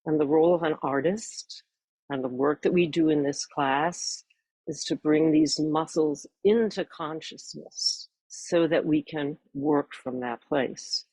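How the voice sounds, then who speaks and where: A woman's voice: deep voice, animated, a little slow, dark tone, dry recording, poor audio. Older woman voice teacher, dry close sound. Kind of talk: course introduction talk.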